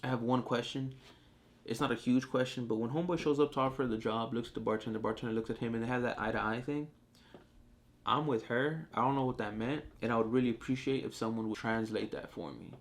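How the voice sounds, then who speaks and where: Man, casual review talk, animated, swears a lot, mid pitch. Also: quick pace. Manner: animated, profane, acts out characters.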